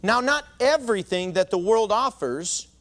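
A man's voice: high-pitched, animated, normal speed, fairly bright tone. A man preaching a sermon to his congregation in a church. He speaks earnestly and conversationally. He often stumbles over words and starts again. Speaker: pastor.

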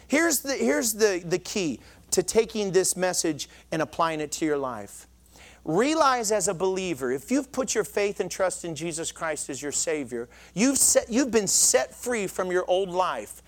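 A man's voice: high voice, big pitch swings, a little slow. A male pastor preaching to a congregation in a church. He speaks in an earnest, conversational way and often restarts his sentences. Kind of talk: sermon.

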